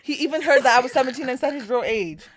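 A young woman from Houston with a Houston accent, co-hosting a podcast and telling stories in a lively, swearing, casual way. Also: high voice, fast. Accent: Houston, Texas. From Houston, Texas. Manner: animated, swears freely, mimics people in her stories. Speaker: podcast co-host. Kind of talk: casual storytelling chat.

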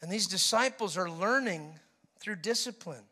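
A man preaching a sermon in an animated, joking way, acting out voices with sudden loud outbursts. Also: sits high, moderate pace, breathy edge. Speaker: pastor.

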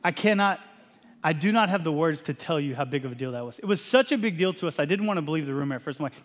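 A man in his thirties from Texas, a pastor preaching a sermon and telling an animated, self-deprecating family story. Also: on the high side, quick pace. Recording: long hall reverb.

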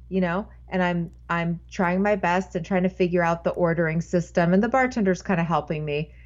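A woman's voice: on the low side, normal speed, highs cut off. A woman, a podcast guest, telling a casual anecdote in a rambling way and often breaking off mid-sentence. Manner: rambling, self-interrupting storyteller.

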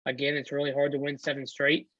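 A man's voice: medium pitch, completely flat delivery, quick pace, pushed and bright, no echo, lo-fi sound. A man co-hosting a casual sports podcast, rambling with frequent ums and restarts. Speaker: podcast co-host.

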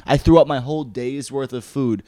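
A man around thirty from the New York area rattles off crude, animated anecdotes in a relaxed podcast chat. His voice sits at an ordinary middle pitch. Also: normal speed. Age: 30s. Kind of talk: casual comedic chat.

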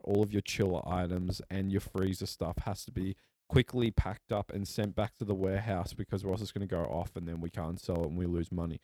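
A young man telling a story in casual, animated chat. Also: low voice, no room sound.

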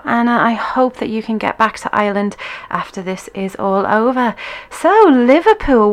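Woman, dance class host, casual livestream chat, upbeat, chatty, mid pitch. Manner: chatty, upbeat, reads viewer comments aloud.

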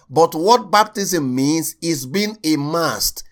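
Male preacher, sermon, emphatic, repeats phrases slowly, talks to the congregation directly. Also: mid-range voice, animated. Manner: emphatic, repeats key lines slowly for stress; addresses listeners directly as sir and uncle.

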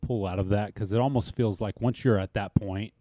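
Deep, dark-voiced male co-host. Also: steady tone, a little fast, dry recording, studio quality. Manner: asks brief, thoughtful questions. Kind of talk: casual podcast talk.

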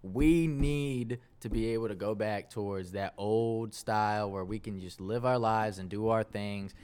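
A man's voice: fairly low pitch, measured pace, a little mellow, smooth. A young man co-hosting a podcast, making his points in an opinionated, ranting way. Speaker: podcast co-host. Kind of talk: casual chat.

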